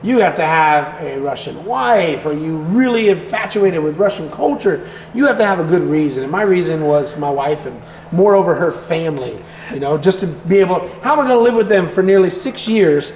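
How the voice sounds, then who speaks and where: A raspy-voiced American man talks easily as a podcast guest, his voice sitting a little high. He tells relaxed stories in an echoey room with a faint hiss behind him. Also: a little fast. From United States. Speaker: guest content creator. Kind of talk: casual podcast chat.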